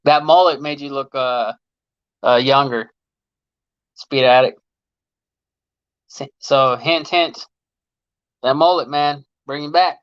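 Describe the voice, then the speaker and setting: A man's voice: medium pitch, fairly even intonation, slow pace, long pauses, a bit bright, clean tone, no echo, muffled recording. A man in his late thirties, a mechanic hosting a casual livestream, chatting loosely with viewers in slang and laughing often. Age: late 30s. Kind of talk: casual livestream chat reading viewer comments. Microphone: phone.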